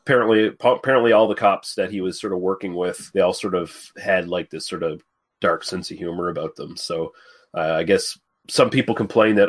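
A man with a somewhat low voice talking casually about a film on a podcast. He rambles and restarts, filling gaps with "uh" and "you know", and swears offhandedly. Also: fairly even intonation, brisk. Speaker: podcast co-host. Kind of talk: casual movie discussion.

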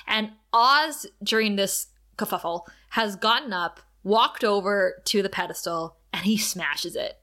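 A woman co-hosting a podcast, casually recapping a TV episode with frequent laughs and quick acted-out quotes. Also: medium pitch. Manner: animated, laughs often, acts out quotes.

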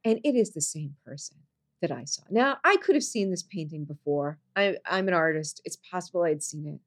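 A woman telling a personal story in conversation, earnest, going soft and low on serious moments and jumping high when she quotes people. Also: fairly quick. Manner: animated, jumps high when quoting people.

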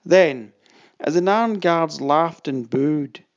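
An audiobook narrator giving a dramatic, expressive first-person reading and voicing the quoted lines. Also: mid-range voice, takes it slowly, muffled recording.

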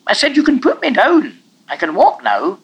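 A man's voice: very high voice, huge pitch swings, moderate pace, slightly rough, lo-fi sound, pitched above the performer's own voice, full character voice. A man voicing a petulant young boy who whines and insists on getting his way. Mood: insistent. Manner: whiny, insistent.

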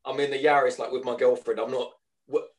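Man, very fast, animated, casual podcast chat. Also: mid-range voice. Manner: animated, rushed anecdote with many restarts. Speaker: podcast co-host.

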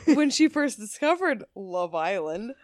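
A woman's voice: medium pitch, very animated, a little slow, dry recording, studio quality. A young woman cohosting a casual podcast, teasing her friend and giggling a lot. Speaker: podcast co-host. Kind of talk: casual chat.

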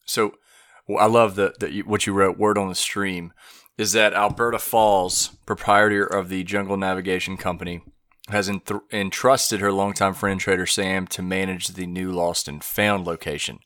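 Low guy with a bright sharp voice, easygoing podcast chat, dry close mic. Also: fairly even intonation, normal speed, no echo. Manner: easygoing, laughs between words. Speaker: podcast co-host.

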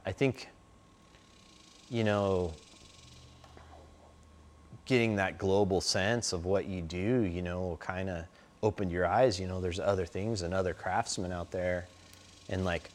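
A middle-aged man telling stories in a loose, rambling way, full of "like" and "you know". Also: fairly low pitch. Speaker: interview guest. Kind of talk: casual storytelling.

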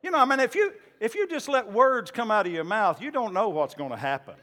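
Male pastor preaching, high bright voice, chatty stories then shouting at the peaks. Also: big pitch swings, fairly quick. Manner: builds from folksy storytelling to shouted preaching. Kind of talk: sermon.

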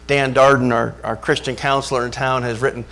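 A man preaching a sermon, animated and asking the congregation rhetorical questions. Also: mid-range voice, fairly quick. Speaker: pastor.

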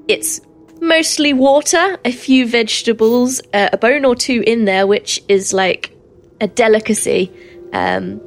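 A woman narrating as game master of a tabletop game, unhurried, with many ums. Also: mid-range voice, a little hiss or hum.

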